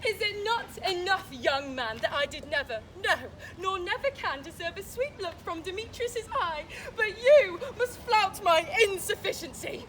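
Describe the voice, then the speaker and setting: A woman's voice: extremely high pitch, animated, moderate pace, hardly any pauses, a bit bright, slight background noise. A woman playing the lovelorn Helena in an outdoor production, delivering verse with pleading emotion. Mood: anguished. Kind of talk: outdoor stage acting of verse.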